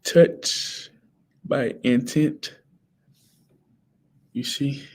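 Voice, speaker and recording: Young dude on a livestream, chill, answering the chat. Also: male voice, mid-range voice, drawn-out words. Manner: relaxed, chatty, answers viewers by name. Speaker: livestream host, college football player. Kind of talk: casual livestream chat reading viewer comments.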